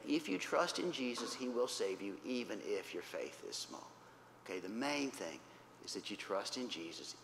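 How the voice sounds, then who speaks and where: A man's voice: mid-range voice, a bit bright. A man teaching a Bible lesson to children, telling the story with animation, repeating points simply and checking in with "right?" and "okay?". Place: church hall. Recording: roomy reverberant hall, faint background noise.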